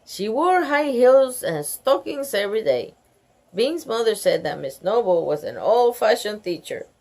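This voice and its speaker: Woman reading a children's chapter book, slow and lively, animated asides. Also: mid-range voice. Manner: animated, gasping and laughing asides. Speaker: storybook reader.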